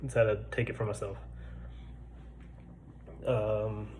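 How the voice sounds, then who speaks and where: A man's voice: on the low side, little pitch movement, slow pace, darkish tone, a little hiss or hum, poor audio. A man in his twenties who stutters, telling his own story in a laid-back, casual way with lots of fillers, recorded in a barracks room. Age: 20s. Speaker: vlogger.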